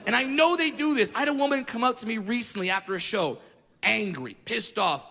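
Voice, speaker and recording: A male stand-up comedian doing a loud, profane routine that breaks into shouted rants, performing on stage before a live audience. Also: high voice, lively intonation, a little fast, gravelly. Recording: echoey hall with crowd noise.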